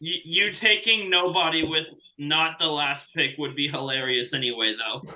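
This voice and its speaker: A man's voice: a little high, fairly even intonation, normal speed, bright, forceful tone, poor audio. A man co-hosting a casual podcast, talking in a wry, joking way. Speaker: podcast co-host. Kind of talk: casual chat.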